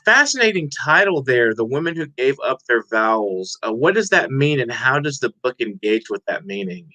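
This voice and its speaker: A man's voice: mid-range voice, big pitch swings, moderate pace, sharp tone, no room sound, rough recording. A man in his forties from Georgia hosting an interview, asking questions with hesitations and repeated words. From Georgia, USA. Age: 40s. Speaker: host. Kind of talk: interview host.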